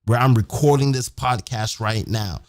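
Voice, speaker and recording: Medium-pitched and at normal speed, this podcast host is recorded dry and clean from his home setup near a big city. On his live stream he's fired up and profane, hammering points repeatedly and saying "man" again and again.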